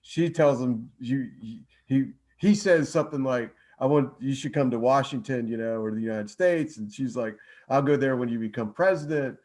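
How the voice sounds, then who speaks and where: Man, author guest, casual chat, halting speech, repeats words. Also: medium pitch, darkish tone, low-quality recording.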